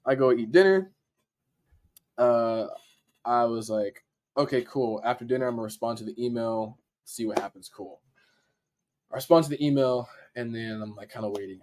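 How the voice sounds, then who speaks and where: A man's voice: mid-range voice, normal speed, darkish tone. A young man, a podcast guest, telling a story casually and acting out what people said, with some swearing. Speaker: podcast guest, dancer and editor.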